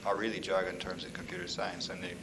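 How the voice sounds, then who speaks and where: A man speaking from the audience in a university lecture room, halting and searching for words. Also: low-pitched, completely flat delivery, noisy background. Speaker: audience member.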